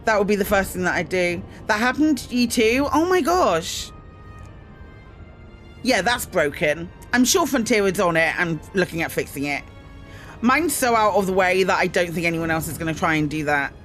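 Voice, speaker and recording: A woman's voice: lowish voice, animated, moderate pace, a bit bright, faint music behind. A woman streaming a space game, chatting casually with her viewers, greeting them in bursts, with frequent ums and self-mocking asides. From Britain. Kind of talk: casual live-stream chat.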